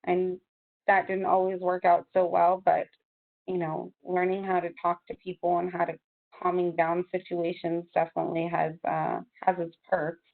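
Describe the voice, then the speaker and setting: A woman, a student, talking in a casual conversation, halting and searching for words with many restarts. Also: on the low side, completely flat delivery, creaky. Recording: tinny phone-like line.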